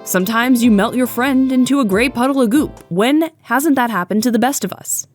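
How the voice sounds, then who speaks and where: A woman's voice: on the high side, normal speed, faint music behind. A young adult woman giving earnest, reflective scripted narration for a video essay, with playful asides.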